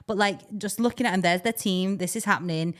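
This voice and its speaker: A woman's voice: mid-range voice, quick pace. A young woman, co-hosting a podcast in casual, rambling chat and laughing often. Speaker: podcast co-host.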